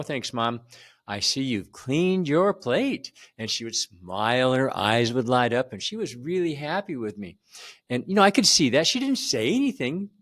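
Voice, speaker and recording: A man in his seventies telling a personal childhood story to camera in a conversational way, repeating words for emphasis. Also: mid-range voice. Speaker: channel host.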